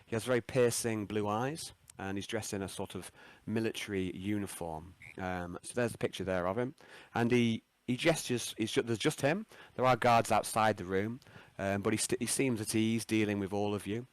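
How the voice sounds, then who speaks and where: A man narrating as game master of a tabletop game, rambling with many pauses and restarts. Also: on the low side, no room sound.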